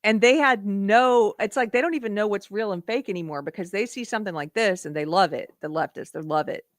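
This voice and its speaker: A woman's voice: medium pitch, brisk, no echo, clean studio sound. Opinionated woman hosting a live stream. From South Carolina. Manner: opinionated, emphatic, reads out viewer donations. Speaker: host of a live political show.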